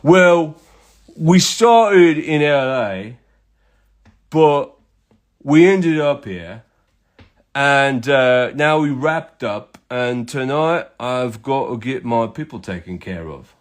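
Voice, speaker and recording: A man putting on a rough London English accent to voice a cagey male stranger at a bar. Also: medium pitch, expressive, slow, voice pushed up. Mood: offhand. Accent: put-on London English accent.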